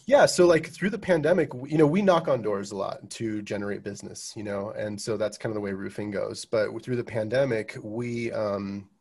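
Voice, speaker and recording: Rambling, halting man in his thirties. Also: fairly low pitch, gravelly, a little mellow, breathy edge. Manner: halting, many restarts and fillers. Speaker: guest, roofing business owner. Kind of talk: casual podcast interview.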